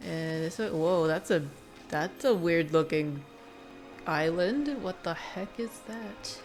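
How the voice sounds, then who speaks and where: A woman's voice: lowish voice, slow, faint music behind. A woman streamer giving casual, chatty commentary while playing a video game. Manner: chatty, giggly asides.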